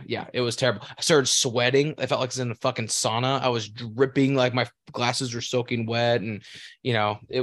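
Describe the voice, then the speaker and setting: A man's voice: mid-range voice, dry recording, studio quality. A man co-hosting a casual podcast, telling a crude story at length, rambling and laughing as he goes. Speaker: podcast co-host.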